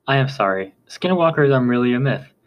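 A man reading as a calm, formal tribal chief. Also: medium pitch, natural voice. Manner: measured, formal, polite speech. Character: calm, courteous older male tribal chief.

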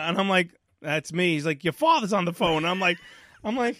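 A New York podcast host in his 40s tells a story with lots of animation, performing the characters' voices and repeating himself in a casual storytelling chat. His voice sits high and moves fairly quickly, and the recording is dry.

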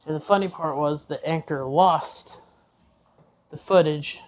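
A podcast host rambles apologetically outdoors in a yard, hot and breathing heavily, using a mic other than his usual headset. His voice is fairly high and his pace normal, and the casual monologue sounds thin in the highs with a bit of hiss or hum.

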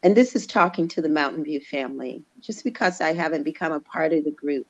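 A woman's voice: deep voice, fairly quick, lo-fi sound. A woman from the church talking casually and emphatically, her voice leaping up to stress words. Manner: animated, emphatic, voice jumps up for stress. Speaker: church member guest. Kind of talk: casual conversation.

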